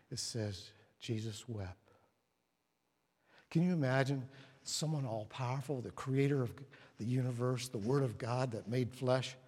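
A man preaching a sermon at a church service, telling stories and dropping to hushed tones for emphasis. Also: mid-range voice, husky. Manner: storytelling, drops to hushed tones. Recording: long hall reverb.

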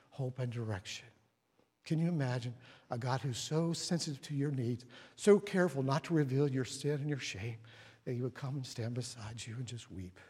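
A man preaching a sermon at a church service, telling stories and dropping to hushed tones for emphasis. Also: medium pitch, husky. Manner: storytelling, drops to hushed tones. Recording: long hall reverb.

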